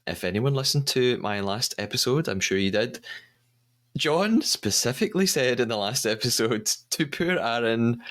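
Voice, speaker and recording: A British man hosting a podcast, retelling a reality show episode in a lively, storytelling way with frequent laughs. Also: medium pitch, normal speed. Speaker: podcast host. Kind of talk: casual podcast recap.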